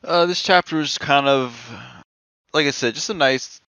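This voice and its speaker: A man's voice: fairly high pitch, normal speed, bright, forceful tone, clean tone, no room sound. A man in a casual comic chat, rambling and using internet slang. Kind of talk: casual chat about a webcomic.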